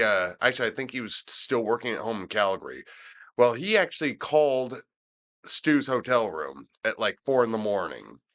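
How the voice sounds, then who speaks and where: Animated male podcast storyteller. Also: mid-range voice. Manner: animated storyteller, chuckling, filler-heavy. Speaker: podcast co-host. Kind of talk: casual storytelling chat.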